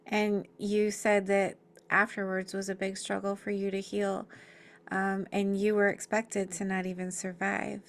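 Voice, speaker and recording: A woman interviewer puts follow-up questions to her guest. Her voice sits in a middle register. Her delivery stays flat and level. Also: mid-range voice, a little slow.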